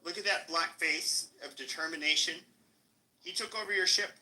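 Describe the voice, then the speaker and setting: High, sharp-voiced man ranting aggressively. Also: normal speed, poor audio. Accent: American. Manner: aggressive, taunting, profane. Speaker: podcast host. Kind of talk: heated live-stream rant.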